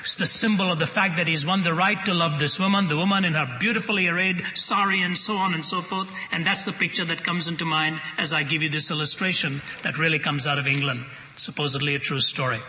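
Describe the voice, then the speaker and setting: Bright, forceful preacher in a big hall. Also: male voice, fairly high pitch, steady tone, fast, hardly any pauses. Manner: humorous, dramatic storyteller. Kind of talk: sermon storytelling. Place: large hall with audience. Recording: dull broadcast with long hall reverb.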